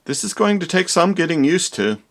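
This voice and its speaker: A man's voice: high-pitched, very animated, brisk. A man playing a vain, dramatic young doctor in a comedy parody, with theatrical, exaggerated delivery.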